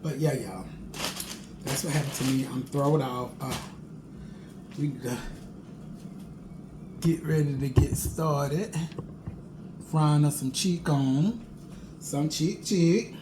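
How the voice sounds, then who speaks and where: A medium-pitched man talks slowly, with long pauses and fairly even intonation, while cooking in his home kitchen for a casual vlog. Playful, sing-song, and often laughing, he's filmed from afar, and the echoey room carries background noise.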